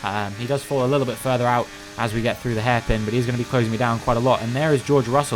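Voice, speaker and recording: Guy doing racing game recap commentary, mid pitch, gets worked up and loud at times, faint music under it. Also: very fast, hardly any pauses. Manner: animated, frustrated outbursts between steady play-by-play. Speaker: gaming commentator.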